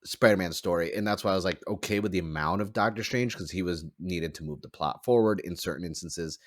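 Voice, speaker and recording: A man's voice: low-pitched, fairly quick, dry recording, studio quality. A man hosting a podcast in casual chat, rambling with lots of "like" fillers. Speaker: podcast host.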